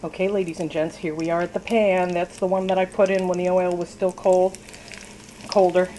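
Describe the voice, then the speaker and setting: A woman with a slightly low voice rambles through a home cooking video in her kitchen, poking fun at herself and laughing as she goes. Oil sizzles faintly behind her over a light hiss. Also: little pitch movement, moderate pace, mellow, rough recording. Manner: rambling, self-deprecating, laughs often. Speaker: cooking vlogger. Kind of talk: casual chatty cooking demo. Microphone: camera on the counter, later a handheld camera.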